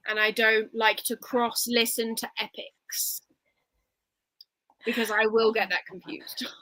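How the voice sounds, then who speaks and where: A woman's voice: on the high side, little pitch movement, slow pace, pushed and bright, no room sound, low-quality recording. A woman co-hosting a casual livestream book chat, talking in a rambling, reflective way with many restarts. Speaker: book podcast co-host.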